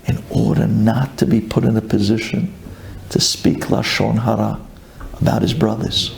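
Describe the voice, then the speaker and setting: A man, a rabbi, giving a sermon dramatically, swinging from loud pleading to hushed intensity. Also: fairly low pitch, level tone, moderate pace, creaky.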